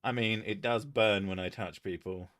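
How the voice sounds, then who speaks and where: A man's voice: on the low side, fairly even intonation, moderate pace, a bit bright. A man hosting a casual live stream, joking, swearing and reading chat aloud. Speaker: streamer host.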